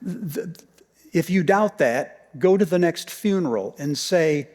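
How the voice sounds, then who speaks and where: A male pastor preaching a storytelling sermon, swinging from loud emphasis down to near-whispers and repeating key phrases. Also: on the high side, lively intonation, slow pace, big-room sound. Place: church sanctuary.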